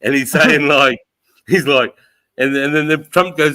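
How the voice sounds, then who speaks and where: A man's voice: fairly high pitch, fairly even intonation, moderate pace, bright, forceful tone, rough recording. A man with an Australian accent hosting a livestream, chatting casually and swearing a lot, laughing as he retells things. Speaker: livestream host. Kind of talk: casual chat.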